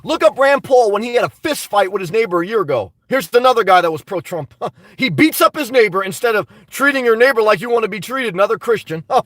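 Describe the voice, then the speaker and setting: A man with a high voice rambles through a casual livestream, answering viewer chat with blunt, profane asides. He sits back from the mic, and the sound is dry with no room echo. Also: a bit bright, recorded from a distance. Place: home in New Jersey.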